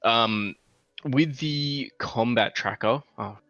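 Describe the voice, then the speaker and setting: A young man explaining game software as game master, patient and a bit hesitant. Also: medium pitch, slow, no room sound. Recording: slightly dull, faint music.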